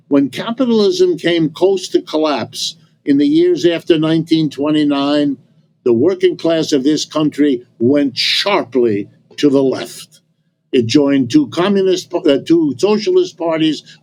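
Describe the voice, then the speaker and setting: A man who is an economics professor, giving a measured, explanatory interview answer. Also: fairly high pitch, a little mellow, slight background noise. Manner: measured, explanatory, draws on history.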